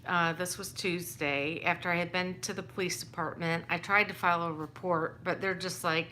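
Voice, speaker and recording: A woman's voice: fairly low pitch, steady tone, moderate pace, pushed and bright, slight background noise. A woman telling a personal story in a casual, rambling way, exasperated and restarting often.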